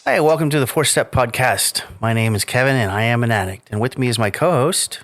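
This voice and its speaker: A man hosting a recovery podcast, chatting casually, joking around and halting with fillers. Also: mid-range voice, a bit bright, faint music behind. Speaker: podcast host. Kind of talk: casual interview chat.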